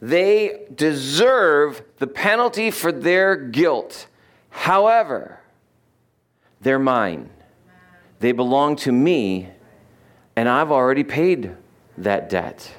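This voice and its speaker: A steady, firm advocate, as a preacher man acts him, addresses the judge in a measured, slightly raised voice. He lays out each point slowly and with quiet authority. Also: on the high side. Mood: earnest. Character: calm defending advocate before the judge.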